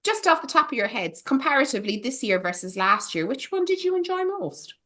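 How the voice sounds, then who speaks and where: A woman's voice: high voice, very animated, fairly quick, bright, forceful tone. A woman hosting a casual film podcast, playful and teasing, with theatrical asides. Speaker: podcast host.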